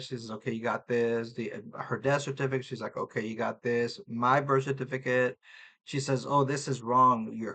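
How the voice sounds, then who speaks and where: Bright-voiced Texan man telling a story. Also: medium pitch. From Texas. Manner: rambling, self-correcting, acts out quoted exchanges. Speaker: vlogger. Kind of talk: casual storytelling to camera.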